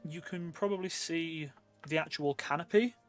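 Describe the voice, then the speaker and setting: A man running a tabletop role-playing game, narrating scenes in a relaxed way with frequent fillers. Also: fairly high pitch, moderate pace, faint music behind. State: hiccuping. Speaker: game master.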